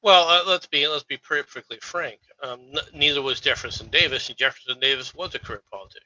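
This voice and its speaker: A man's voice: mid-range voice, quick pace, bright, forceful tone, dry recording, highs cut off. A man co-hosting a stream, arguing history in a heated casual debate and cutting in often. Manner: argumentative, interrupting.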